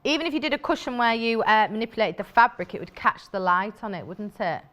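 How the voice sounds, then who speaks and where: Here a British woman speaks quickly in a slightly high, fairly bright voice while presenting fabrics on a live shopping channel. Chatty and full of enthusiasm, she leans on fillers and tosses asides to her crew.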